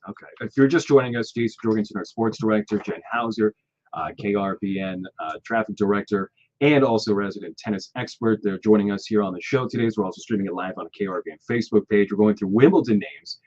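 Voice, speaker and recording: A man's voice: on the low side, fast, darkish tone. Upbeat male radio host, casual on-air banter, a little muffled in the studio. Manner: upbeat, spells names letter by letter. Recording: slightly muffled studio audio.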